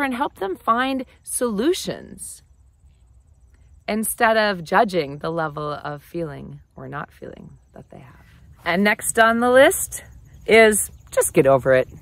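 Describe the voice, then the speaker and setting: A woman hosting a casual advice talk to camera, conversational and animated. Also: fairly low pitch, no room sound. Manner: animated, conversational, often acts out quoted phrases. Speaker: relationship advice host.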